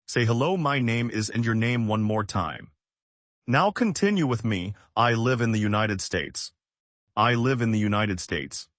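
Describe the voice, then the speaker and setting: Male English teacher, lowish voice, dry close sound; slow, clear, simple sentences for learners to repeat. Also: a bit bright, no echo. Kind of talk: slow scripted language lesson.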